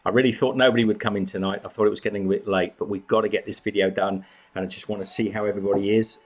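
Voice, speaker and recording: A man's voice: lowish voice, little pitch movement, racing, husky. A man hosting a casual live chat from home, greeting viewers by name and snacking as he talks. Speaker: live stream host.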